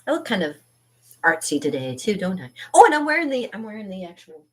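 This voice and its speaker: Very animated and fast, a middle-aged woman with a medium-pitched voice hosts a live art stream from her home studio. She chats playfully, rambling and laughing often.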